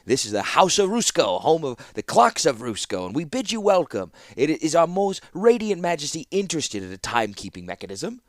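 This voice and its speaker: A man's voice: a little high, very animated, a little fast, hardly any pauses, dry recording, studio quality, pitched above the performer's own voice. A man voicing a fawning, flustered shopkeeper who makes clocks, in an audiobook reading. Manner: obsequious, flustered and gushing. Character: fawning middle-aged male shopkeeper clockmaker. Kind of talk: audiobook character voice.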